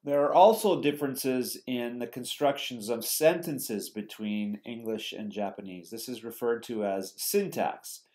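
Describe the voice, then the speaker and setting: Man giving a steady explanatory lecture. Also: medium pitch, measured pace, few pauses. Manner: explanatory, steady, with fillers and self-corrections. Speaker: English teacher giving a lecture. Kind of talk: recorded lecture.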